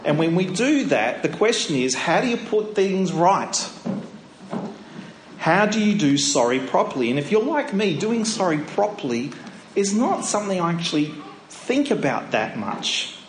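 A middle-aged male preacher delivers a conversational, story-led sermon. His voice sits a little high for a man, and it rings through a roomy church with a faint hiss behind it. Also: very animated, unhurried. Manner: conversational, storytelling, with rhetorical questions. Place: church sanctuary.

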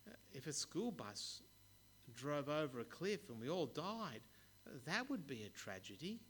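A man's voice: a little high, very animated, measured pace, fairly bright tone, slightly rough, pitched above the performer's own voice, exaggerated voice. A man voicing a little schoolgirl. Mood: earnest. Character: little schoolgirl answering in class.

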